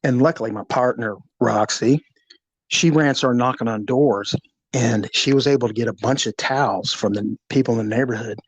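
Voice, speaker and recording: Animated storytelling man, dry close sound. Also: medium pitch, moderate pace, breathy edge, no room sound, low-quality recording. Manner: animated, vivid storyteller who acts out sounds. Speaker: retired police officer recounting a shooting. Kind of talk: storytelling in an interview.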